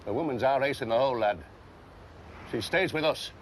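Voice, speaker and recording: An actor playing a smug, menacing man who patronizes with mocking calm in a TV drama. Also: mid-range voice, fairly quick, a little hiss or hum, lightly acted. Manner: patronizing, calls others "lad", mocking calm. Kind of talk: TV drama acting.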